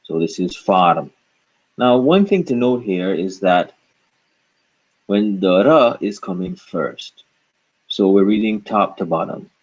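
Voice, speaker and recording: Slow, husky male language teacher. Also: on the low side, expressive, a little mellow, muffled recording. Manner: repeats words slowly and asks questions to guide the learner. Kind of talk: slow, patient pronunciation lesson.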